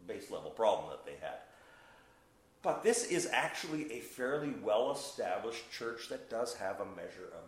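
A man's voice: fairly low pitch, echoey room, poor audio. A man preaching a sermon, teaching verse by verse with emphatic, playful asides and questions to the congregation. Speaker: pastor.

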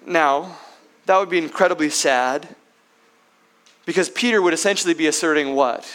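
A man's voice: on the high side, normal speed, pauses often, a bit bright. A man preaching a sermon as pastor who keeps asking his listeners rhetorical questions, often ending with tag questions.

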